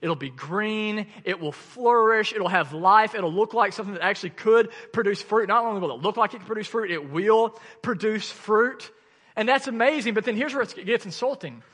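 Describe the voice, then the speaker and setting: Man preaching, high bright voice, lively storytelling, reverb of a church hall. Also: moderate pace. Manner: animated storytelling with laughs and bursts of loudness. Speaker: pastor. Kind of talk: sermon.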